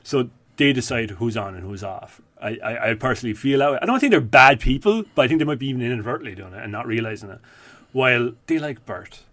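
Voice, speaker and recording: A man, co-hosting a podcast in casual, rambling, profane chat that gets animated when he tells stories. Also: mid-range voice, fast, no room sound. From Ireland. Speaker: podcast co-host.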